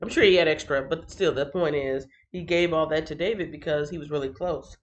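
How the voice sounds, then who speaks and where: A woman with a somewhat low voice chats over a phone livestream. She reads viewer comments aloud, breaks into playful sing-song, and recaps Bible chapters in a relaxed, joking way. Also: brisk, highs cut off. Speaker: Bible reading livestream host.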